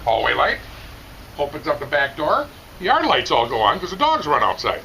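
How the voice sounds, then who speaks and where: A middle-aged man telling a rambling, animated story, casually chatting outdoors at a barbecue competition. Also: a little high, moderate pace, creaky, slight background noise, rough recording.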